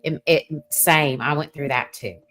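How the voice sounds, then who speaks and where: A woman hosting a podcast, affirming her guest with gentle agreement. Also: low-pitched, steady tone, measured pace. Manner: warm affirming, frequent agreement. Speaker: podcast host.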